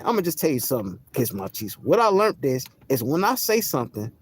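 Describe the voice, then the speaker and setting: A man's voice: mid-range voice, very animated, a little fast, hardly any pauses, slightly rough. A man vlogging a casual, profane, boastful rant to his viewers from outdoors in public. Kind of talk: casual ranting monologue to camera.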